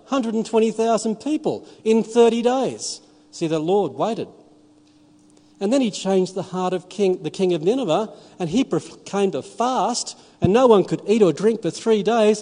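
A man's voice: on the high side, a little mellow. A man, preaching a sermon in a church and moving from storytelling to emphatic appeals. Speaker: pastor. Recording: long reverb of a church hall.

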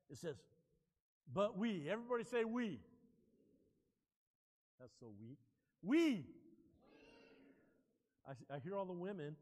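A male pastor preaching a sermon, telling stories in an animated way and joking with his congregation. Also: fairly high pitch, in a large hall. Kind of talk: sermon with personal storytelling.

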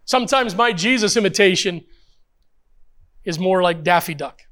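A man's voice: high voice, lively intonation, normal speed, fairly bright tone. An older man, a pastor, preaching a sermon with emphatic rhetorical questions and repetition.

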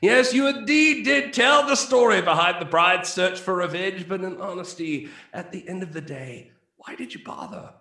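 A man's voice: sits high, normal speed, pushed and bright, voice pushed up. A man voicing a pompous British male film reviewer with a put-on British accent and a theatrical, indignant delivery. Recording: roomy echo.

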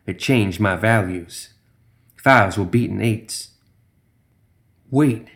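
A man's voice: fairly low pitch, takes it slowly, a bit bright. A man narrating a first-person horror story in a tense, dramatic way.

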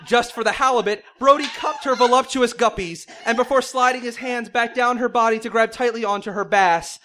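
A man's voice: very high voice, steady tone, fairly quick, bright, forceful tone, slight background noise. A man reading silly fan fiction aloud in mock-serious narration, often breaking into laughter. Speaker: comedic reader.

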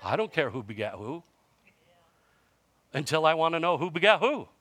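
A man's voice: on the high side, very animated, normal speed, fairly bright tone, no room sound. A man in his fifties preaching a sermon in a conversational storytelling way, with self-mocking humor and frequent restarts. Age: 50s. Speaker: pastor.

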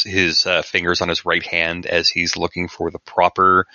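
Male tabletop player, halting narration, bright edgy tone, dry sound. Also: sits low, gravelly, no echo, lo-fi sound. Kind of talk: describing his character's actions in a tabletop game.

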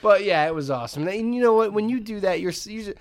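Talking fast in a high voice, this middle-aged co-host spins stories on a casual podcast and performs the quotes with animation. There's a slight hiss or hum in the audio.

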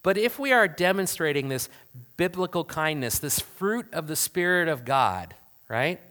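Bright-voiced man preaching a sermon. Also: fairly high pitch, very animated, moderate pace. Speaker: pastor.

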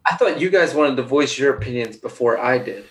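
A man's voice: medium pitch, animated, fairly quick. A man appearing as a podcast guest, chatting casually and a bit hesitantly, talking in bursts. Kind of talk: casual chat.

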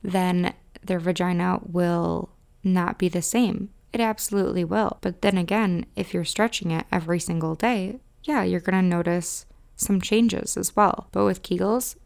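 A woman's voice: medium pitch, vocal fry, darkish tone. A young woman in her twenties with a Midwestern accent, hosting a podcast and chatting frankly with lots of "like" fillers. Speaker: podcast host and romance specialist. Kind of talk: casual podcast monologue.

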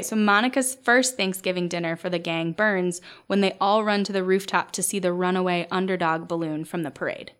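A woman's voice: medium pitch, a bit bright. A woman podcast host recapping a sitcom episode in casual, chatty talk full of fillers. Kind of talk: casual chat.

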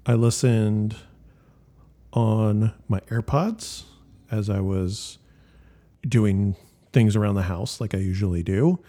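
Man, podcast co-host, casual chat, mellow warm voice, laid-back and rambling. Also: fairly low pitch, slow pace, long pauses.

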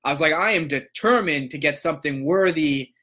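Bright, animated man telling a story. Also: on the high side, fairly quick. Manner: animated, acts out voices in quotes. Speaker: podcast host, motivational speaker. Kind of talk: casual storytelling.

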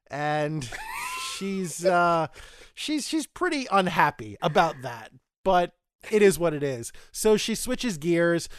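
A man's voice: sits high, very animated, slow, long pauses, smooth, no room sound, studio quality. A man hosting a podcast, recapping an episode casually and chattily, quoting characters as he goes and often restarting his phrases. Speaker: podcast host.

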